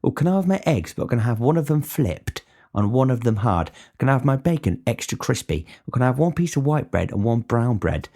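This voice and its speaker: A man putting on the voice of a picky, entitled restaurant customer in a whiny, higher voice. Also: very animated, fairly quick, warm tone.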